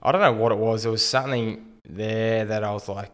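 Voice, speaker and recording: A retired rugby league player appears as a guest, telling stories in a casual interview. He's an Australian man with a low, flat, easygoing voice, speaking fairly quickly in a large hall. His manner is relaxed and understated, peppered with ums and "like."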